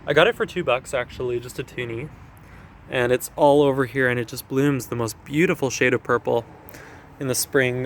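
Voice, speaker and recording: A man's voice: medium pitch, fairly even intonation. Young guy showing off his backyard garden, chatty, kinda breathless, faint outdoor hum and planes behind him. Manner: chatty, self-correcting, quick little laughs. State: a bit out of breath from walking. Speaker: gardener vlogger. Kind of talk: casual garden tour walkthrough.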